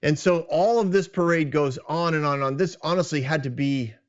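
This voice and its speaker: A man's voice: a little high, fairly quick, highs cut off. A man hosting a podcast, casually retelling a scripture story in a conversational, self-deprecating way. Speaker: podcast host.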